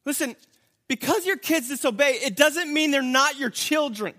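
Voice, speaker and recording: A man's voice: very high-pitched, moderate pace. A man preaching a sermon in a conversational style, telling the story with animation and breaking off to restart sentences. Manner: animated storytelling, acting out the characters. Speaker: pastor.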